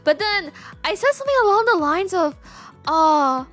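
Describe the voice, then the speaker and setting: A woman's voice: very high voice, fairly quick, faint music behind. A woman in her mid-twenties chatting casually on a gaming stream, telling stories with lots of giggles. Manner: giggly, animated storytelling.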